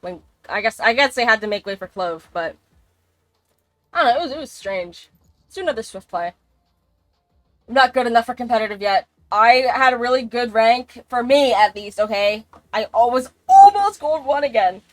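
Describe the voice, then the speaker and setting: A woman's voice: fairly high pitch, moderate pace, a bit bright, dry recording, faint music behind. A woman streaming a game live, chatting in a rambling, casual way and swearing freely. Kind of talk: casual gaming livestream chat.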